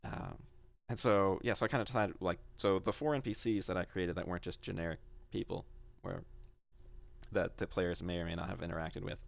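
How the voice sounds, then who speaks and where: A man with a very low voice and a gravelly edge. He co-hosts a casual podcast and talks in a loose, rambling way about running his games. He keeps acting out his own thoughts as little quotes. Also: steady tone, brisk. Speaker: game master, podcast co-host.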